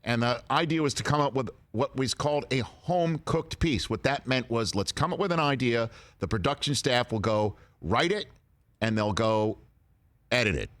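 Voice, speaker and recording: A middle-aged man hosting a sports radio talk show, telling stories with lively quoted voices. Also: mid-range voice, moderate pace. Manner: animated storytelling with quoted voices.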